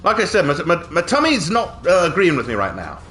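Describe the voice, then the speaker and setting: A man's voice: fairly high pitch, wildly swooping pitch, brisk, bright, forceful tone, soft background music. A gaming streamer, a man, chatting playfully through his gameplay in an exaggerated put-on British accent, tacking jokey slang tags onto his lines. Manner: chuckles often, jokey tags. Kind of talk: casual gameplay commentary.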